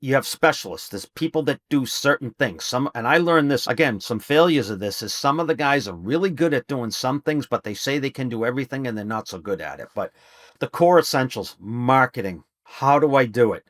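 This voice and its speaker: A man's voice: mid-range voice, expressive, fairly quick, fairly bright tone, no echo. Middle-aged man, emphatic salesman-like delivery, casual podcast guest, dry close sound. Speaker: podcast guest, HVAC business trainer. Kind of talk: casual interview talk.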